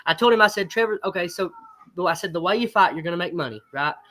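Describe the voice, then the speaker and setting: A man's voice: sits high, animated, fast talker, pushed and bright. A man, a fight promoter talking in a casual interview, blunt and emphatic, swearing freely. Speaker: fight promotion owner, guest.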